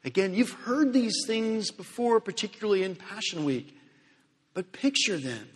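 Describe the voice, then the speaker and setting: A man preaching a sermon in earnest, swinging from loud emphasis to hushed, slow phrases. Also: sits high, very animated, breathy edge. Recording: long hall reverb.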